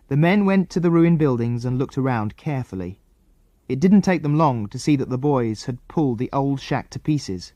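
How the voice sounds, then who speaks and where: Lively male audiobook narrator. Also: medium pitch, moderate pace, dry recording. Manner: expressive, lively reading. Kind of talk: scripted storybook narration.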